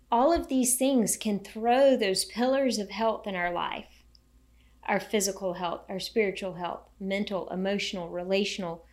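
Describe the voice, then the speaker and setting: A woman co-hosts a podcast in a relaxed conversational style. Her voice sits at a middle pitch, and she speaks earnestly and encouragingly. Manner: enthusiastic, encouraging, faith-tinged. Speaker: podcast co-host.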